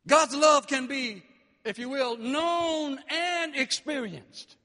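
A man preaching a sermon with passion, dropping low and then rising to shouts. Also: slow pace, in a large hall. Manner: impassioned, swings between quiet and shouting.

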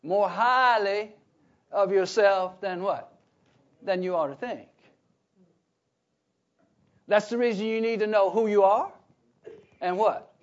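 A man preaching a Bible teaching sermon, emphatic, often pausing on "what?" so listeners fill in the words. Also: sits high. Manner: emphatic, repeats key phrases. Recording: dull lo-fi recording.

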